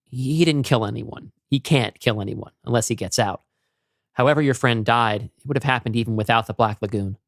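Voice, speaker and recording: Tired lonely camp guy, calm and plain, man reading him in his own voice, dry mic. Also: medium pitch, brisk, creaky, dry recording, lightly acted. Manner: calm, tired, matter-of-fact. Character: weary lonely grown man, a creature watcher. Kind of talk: podcast story reading.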